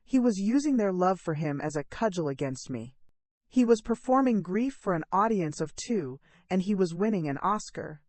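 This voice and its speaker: A middle-aged woman reading a dramatic first-person story in a measured, earnest, emotional way. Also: mid-range voice, animated, darkish tone, no echo.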